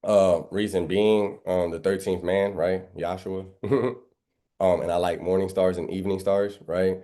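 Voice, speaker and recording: Emphatic low-voiced man teaching trading. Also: little pitch movement, unhurried, dark tone. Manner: emphatic, keeps asking "right?" and rhetorical questions; preachy, mixes in biblical references. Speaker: trading instructor. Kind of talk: live trading lesson over screen share.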